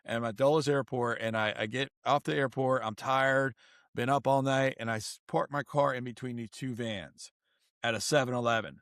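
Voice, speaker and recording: A middle-aged man talks with teaching energy, guiding listeners step by step through his ideas. His voice sits at an ordinary pitch and is recorded close and dry. He tells stories in a lively, instructive way. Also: normal speed, no room sound. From United States. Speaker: guest author and coach. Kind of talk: podcast interview, teaching.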